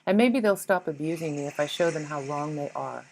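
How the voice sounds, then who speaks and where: A woman's voice: sits low, a little fast, gravelly, darkish tone, a little hiss or hum, poor audio. A woman voicing a petty, defensive inner ego that blames everyone else, whiny and indignant, with swearing. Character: petty defensive ego voice, self-pitying, blaming others.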